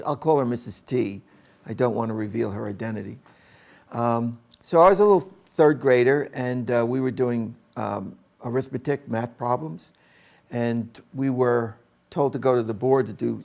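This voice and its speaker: Older male educator, gravelly voice, relaxed anecdotal storyteller. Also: medium pitch. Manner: anecdotal, with acted-out quotes. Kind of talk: personal storytelling to camera.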